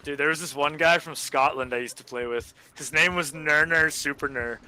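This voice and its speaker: Bright-voiced young man rambling about games. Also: a little high, poor audio. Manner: rambling, heavy with fillers and swearing; quick bursts of laughter while storytelling. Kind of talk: casual gaming chat.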